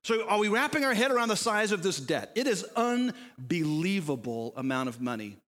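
In a hall with long reverb, a pastor whose voice sits high delivers a sermon at a moderate pace. He tells a parable with animated storytelling, posing rhetorical questions and acting out what the characters say.

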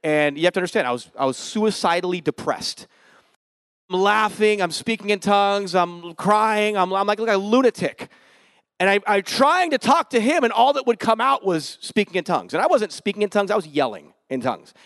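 Guy preaching, pretty high voice, tells it all worked up, loud then hushed, real dry close sound. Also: brisk, no echo. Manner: animated, emotional storytelling with laughs and shifts between loud and hushed; casual slang in preaching. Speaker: pastor. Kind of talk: sermon with personal testimony.

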